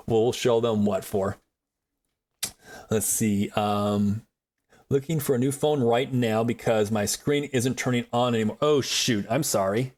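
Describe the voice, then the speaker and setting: This chatty streamer, a self-described yapper, keeps up loose commentary and frequent laughter over a survival game. He talks at a medium pitch, unhurried and a little mellow.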